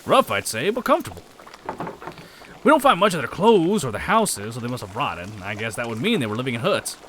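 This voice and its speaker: A down-to-earth farmer, as a man reads him out for a story game, blunt and practical. He talks with a lively voice that swings in pitch. Faint noise hums underneath. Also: a little fast. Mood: thoughtful. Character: plain-spoken male farmer, practical and down to earth.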